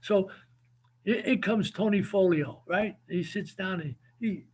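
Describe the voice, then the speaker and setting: A man, telling animated stories as an interview guest and often repeating his words. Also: sits high, a little slow, husky. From New Jersey. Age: 70s. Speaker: guest, former football coach. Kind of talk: casual storytelling interview.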